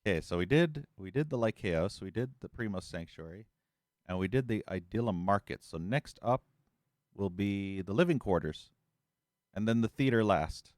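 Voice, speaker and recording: A man's voice: fairly low pitch, animated, moderate pace, darkish tone, dry recording, studio quality. A man giving casual let's play commentary, crude, sarcastic and jokey. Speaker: gameplay commentator.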